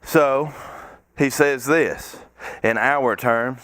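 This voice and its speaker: A man with a high, gravelly voice preaches a sermon in a church. He speaks fervently in folksy, down-to-earth phrasing and now and then breaks into a shout. The sound is close and dry. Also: unhurried, no echo. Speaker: pastor. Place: church sanctuary.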